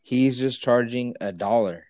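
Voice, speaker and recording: A man in casual chat, telling a story in an animated, profane way with lots of fillers. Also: medium pitch, a little slow, no echo.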